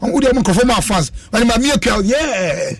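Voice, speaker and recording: A man's voice: extremely high pitch, lively intonation, fairly quick. A man hosting a casual radio chat, joking and preaching in turn and switching languages as he talks.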